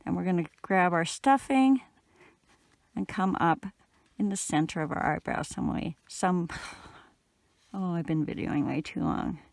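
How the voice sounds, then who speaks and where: A middle-aged woman from Canada giving a relaxed, chatty step-by-step crochet tutorial while she works. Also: lowish voice, unhurried, gravelly, long pauses, no echo. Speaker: crochet instructor.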